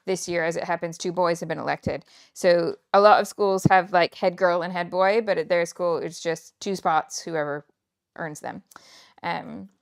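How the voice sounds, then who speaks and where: Gravelly-voiced woman crafting live. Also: fairly low pitch, fairly even intonation, moderate pace. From Kansas, United States. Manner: chatty, laughs often, muses aloud while working. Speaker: scrapbooking livestream host. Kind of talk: casual live chat while crafting.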